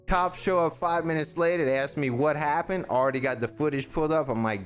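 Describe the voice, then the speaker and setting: A man's voice: on the high side, normal speed, few pauses. A man in casual podcast chat, telling a story with lots of energy. He acts out the people he talks about and swears freely. Faint music plays behind him.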